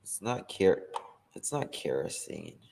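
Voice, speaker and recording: A man's voice: low-pitched, huge pitch swings, slow, creaky, darkish tone, in a large hall, slight background noise. A man hosting a casual chat, quizzical and full of questions. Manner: quizzical, keeps asking questions. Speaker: host.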